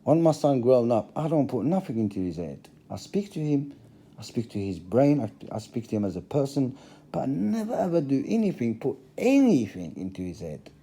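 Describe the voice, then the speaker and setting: A man's voice: mid-range voice, big pitch swings, normal speed, dark tone, slightly rough. A middle-aged man giving a passionate monologue to camera, repeating phrases for emphasis. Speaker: religious vlogger.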